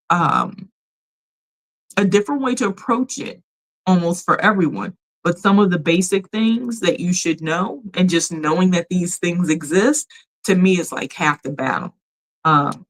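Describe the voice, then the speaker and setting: A woman's voice: lowish voice, poor audio. A woman hosting a casual livestream, chatty and emphatic, with a polished radio voice. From United States. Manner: chatty, emphatic, often laughs and reads chat messages aloud. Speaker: livestream host.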